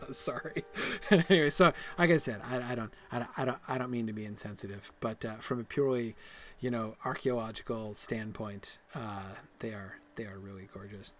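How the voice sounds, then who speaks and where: A man's voice: medium pitch, steady tone, normal speed, a bit bright, faint music behind. Rambling man lecturing while gaming. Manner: rambling and digressive, many fillers and restarts; enthusiastic, laughs at himself. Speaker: host. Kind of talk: casual lecture while playing a game.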